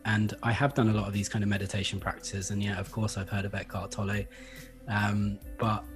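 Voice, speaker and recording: A man explaining Feldenkrais practice in a relaxed interview, thoughtful and hesitant, with many fillers. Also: fairly low pitch. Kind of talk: conversational interview.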